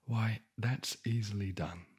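A man voicing a brisk, knowing old witch in a whispered role-play, matter-of-fact and obliging. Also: lowish voice, steady tone, a little mellow, husky.

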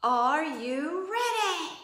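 A woman's voice: high-pitched, big pitch swings, extremely slow, a bit bright, a little hiss or hum. A woman music teacher leading an upbeat rhythm lesson, cheering and singing out her words and counting beats aloud. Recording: roomy, with instrument playing.

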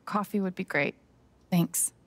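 Young woman in a video game, husky and dry, guarded, kinda sarcastic. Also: lowish voice, measured pace, dry recording. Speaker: playable lead in a video game.

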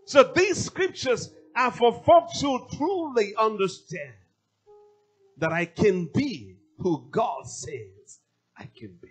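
Male pastor, sermon, emphatic repetition, husky voice, lively pitch swings. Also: takes it slowly, faint music behind. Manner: emphatic preaching, repeating key phrases.

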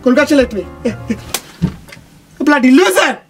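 A vain, bossy boss shouts and brags at his staff in a comedy sketch, played by a man. His high voice leaps up and down. Music plays clearly behind him. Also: expressive, measured pace, exaggerated voice. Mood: gloating. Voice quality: shouty, swaggering and scolding. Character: loud boastful male shop boss, bossy and vain.

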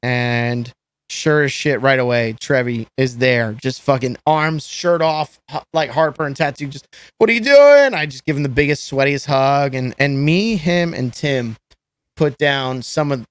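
A man's voice: medium pitch, steady tone, measured pace, clean tone, no echo. A man telling stories as a podcast guest, rambling and swearing with many restarts. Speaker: guest musician. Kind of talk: casual storytelling chat.

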